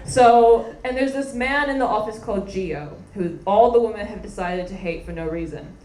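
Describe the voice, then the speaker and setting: A young woman performing a stand-up comedy set, telling stories in a sardonic, animated way and mocking people with quick impressions. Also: mid-range voice. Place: comedy stage with live audience. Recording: echoey room with background noise.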